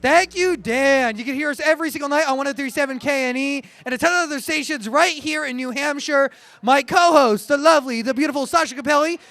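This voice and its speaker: A man hosting a festival broadcast as a radio host, with quick, upbeat announcer patter. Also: very high-pitched, sharp tone, dry recording. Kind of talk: event hosting.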